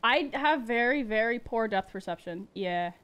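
A woman's voice: a little high, expressive, moderate pace, a bit bright, smooth. A young woman streaming a video game, playfully exclaiming at the action and chatting with her viewers. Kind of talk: live gameplay commentary.

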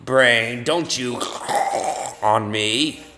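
Over a noisy background, a man with a mid-range voice draws out his words while commentating on brain-training games for a gaming video. His goofy commentary rambles, restarts often, and pokes fun at himself. Long reverb and faint music sit in the recording.

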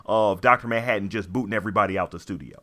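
A man talks as an agreeable podcast co-host, full of fillers and restarts. His voice is lowish but bright and forceful. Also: rapid-fire. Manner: hesitant, many fillers, agreeable. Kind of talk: casual chat.

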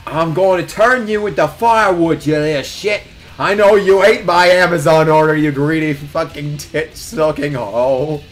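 Man playing a furious young killer, snarling, menacing, raised pitch, loud. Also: normal speed, close to an everyday voice.

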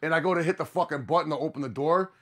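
Podcast host, man, casual profane storyteller, slightly higher voice. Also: rapid-fire, a bit bright.

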